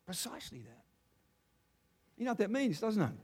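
Man, Australian accent, middle-aged, preacher, sermon, rhetorical questions, slightly high voice. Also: moderate pace, breathy edge. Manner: animated, rhetorical questions, conversational asides.

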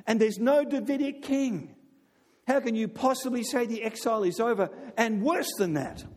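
A man preaching a sermon in an animated way, often asking his listeners "right?". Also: high voice. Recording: long reverb of a large hall.

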